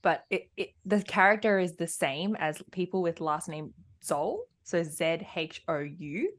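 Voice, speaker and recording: Woman, podcast co-host, lowish voice, playful. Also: animated, unhurried. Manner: playful, chatty. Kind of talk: podcast chat.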